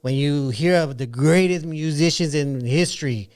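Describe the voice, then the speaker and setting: A man's voice: a little high, normal speed, darkish tone. A man in casual chat, laying out an argument point by point.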